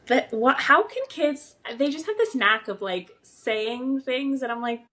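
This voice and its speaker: Woman co-host, casual chat, upbeat and animated, slightly high voice. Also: a little slow. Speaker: podcast co-host.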